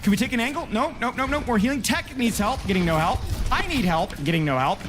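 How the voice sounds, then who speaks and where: A man reviewing gameplay in an exasperated rant, repeating himself and often shouting. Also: extremely high pitch, animated, fast talker, music in the background.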